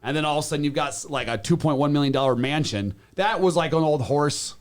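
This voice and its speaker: A man from Wisconsin who sells real estate, chatting casually on a panel, animated and joking, often restarting his sentences. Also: on the high side, fast, faint music behind.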